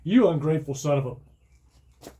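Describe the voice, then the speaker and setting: A man acting out his younger self as an exasperated father yelling and scolding at home. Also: mid-range voice, fairly quick, lightly acted. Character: exasperated shouting father, middle-aged man.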